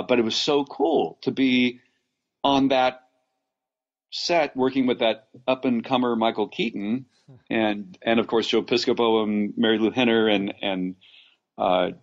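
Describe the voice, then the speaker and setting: Dull audio carries the lowish voice of an actor from Los Angeles, USA. Guesting on a podcast, he tells drawn-out stories casually, with many false starts, filler words and plenty of laughs.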